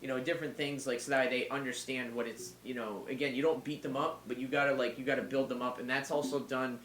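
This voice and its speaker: A man's voice: mid-range voice, fairly even intonation, fast talker, a bit bright, a little hiss or hum. A man, a Muay Thai fighter and trainer, chatting casually as a podcast guest, rambling along with lots of fillers and some swearing. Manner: rambling, filler-heavy and profane. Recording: roomy echo.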